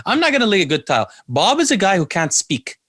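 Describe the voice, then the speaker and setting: A man's voice: high voice, huge pitch swings, fast, a bit bright, no echo, studio quality. A male host in casual chat, blunt and opinionated about people.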